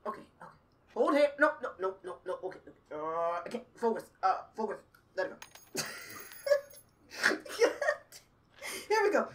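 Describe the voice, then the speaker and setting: A woman streamer reacting loudly to a VR game, cursing and half laughing, half crying. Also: mid-range voice, very animated, unhurried, pauses often, recorded from a distance. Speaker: gaming streamer.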